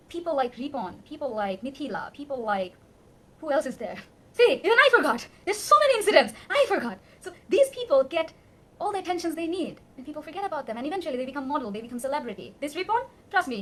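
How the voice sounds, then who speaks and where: A woman's voice: sits high, sing-song, fast, a bit bright. A young woman from Bangladesh with a Bangladeshi accent, delivering an emotional, pleading rant to camera in English as a second language. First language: Bengali. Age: young adult. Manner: impassioned, pleading, emphatic. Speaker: vlogger.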